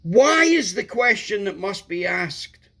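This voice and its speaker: A man preaching a sermon, emphatic, repeating key words and building to loud outbursts. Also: high-pitched, very animated, slow, gravelly.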